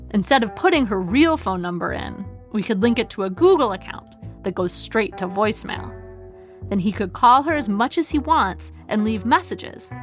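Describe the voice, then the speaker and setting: A woman's voice: medium pitch, animated, normal speed, soft background music, lightly acted. A woman reading an audiobook voices a practical sister laying out a family plan.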